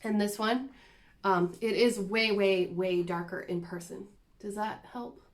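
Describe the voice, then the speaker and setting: A woman's voice: medium pitch, fairly even intonation, measured pace. A woman chatting casually and self-deprecatingly as she shows her cross-stitch projects to the camera. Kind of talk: casual show-and-tell chat.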